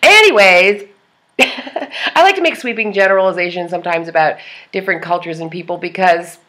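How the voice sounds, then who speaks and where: A woman's voice: lowish voice, moderate pace, bright, forceful tone. A woman rambling casually in a personal vlog, chatty and jokey, laughing often between thoughts. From part Lithuanian. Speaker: vlogger.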